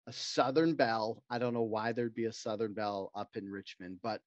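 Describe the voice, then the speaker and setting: A man's voice: fairly low pitch, fairly even intonation, a little fast, no room sound. A man, co-hosting a podcast in casual banter and spinning crude, joking stories. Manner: crude, joking storyteller who puts on voices. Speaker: podcast co-host. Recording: dry, dull lo-fi sound.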